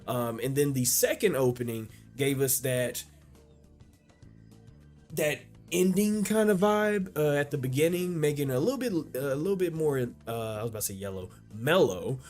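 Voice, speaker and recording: A man hosting an anime reaction video, talking casually and excitedly, swearing and restarting his sentences often, with faint music behind him. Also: fairly high pitch, moderate pace. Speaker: anime reaction channel host.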